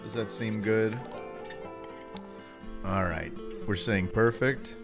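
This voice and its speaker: A man streams a video game live from his home setup, talking casually into a desk mic. His voice sits on the low side, and he chats loosely with viewers and thanks them between bits of play. Game music plays clearly underneath him. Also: slow. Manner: chatty, reads and thanks chat. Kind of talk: casual live-stream chat while gaming.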